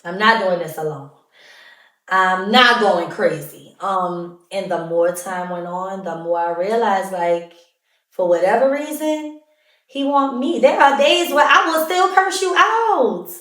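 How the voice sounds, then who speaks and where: A woman's voice: medium pitch, a little slow, fairly bright tone. A woman hosting a podcast, telling candid, emotional stories in a casual, heartfelt way and laughing along. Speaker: podcast host. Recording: roomy echo, mic at a distance.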